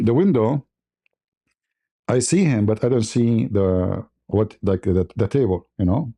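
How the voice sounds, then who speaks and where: Dark-voiced man telling a laughing anecdote. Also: fairly low pitch, slow. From Middle East. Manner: chuckles often while telling, broken conversational English. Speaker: channel host. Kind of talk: livestream storytelling.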